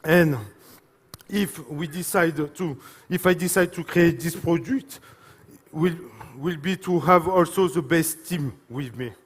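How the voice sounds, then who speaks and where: A man with a French accent speaks from a stage at a live event, his voice fairly high for a man and trailing off into a long hall reverb. He is emotional and halting, leaning on fillers and apologizing as he goes. Each phrase rings out through the large room. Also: slightly rough. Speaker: speaker presenting a product.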